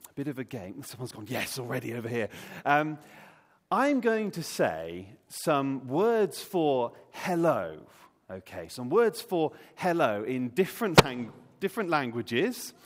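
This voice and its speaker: Lively man leading a church talk. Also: on the high side. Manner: lively and playful, quizzing the audience. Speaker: preacher. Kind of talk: Easter all-age talk to a congregation. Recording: long hall reverb.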